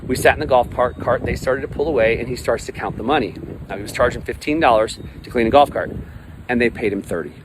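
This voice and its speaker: A man's voice: medium pitch, fast talker. A man in his forties, a life coach, talking to camera outdoors by a pond in a blunt, emphatic, repetitive way, with some swearing. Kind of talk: motivational vlog monologue. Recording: outdoor traffic noise.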